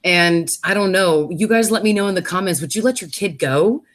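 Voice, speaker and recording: Low-voiced woman recapping a show. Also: normal speed. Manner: recounts plot with frequent fillers and self-corrections. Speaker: host. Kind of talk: casual episode review chat.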